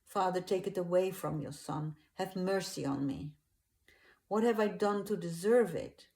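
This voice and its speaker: A woman's voice: on the low side, unhurried, a little mellow, reverberant. A woman voicing an anguished grown man who pleads and prays in agony, raising her voice above her own. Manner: pleading, sobbing-edged outbursts.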